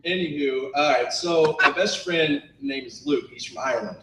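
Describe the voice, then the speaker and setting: A man's voice: a little high, normal speed, pushed and bright. A young man in his twenties, laughing and self-mocking as he chats casually and tells a story at a meeting. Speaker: tailgate organizer. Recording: roomy room from far off.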